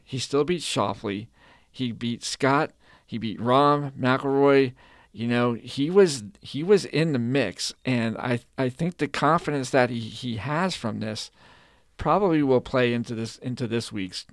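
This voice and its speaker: A man in casual podcast chat about golf, mid-pitched and animated, often circling back to restart a phrase. His voice sounds close and dry, with no room around it. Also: a little slow, no room sound. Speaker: podcast co-host.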